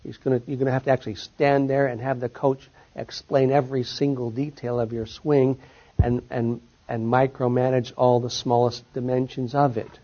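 A man's voice: mid-range voice, little pitch movement, moderate pace, dark tone. A man giving a lecture and taking audience questions, his voice dropping at the end of sentences and rising on key points. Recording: dull lo-fi recording.

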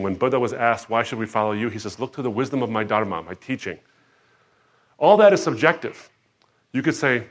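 A man preaching a sermon, moving from quiet reflection to loud, emphatic outbursts and acting out quoted voices. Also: on the low side, animated, fairly quick. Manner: dramatic, swings between soft reflection and loud emphatic outbursts.

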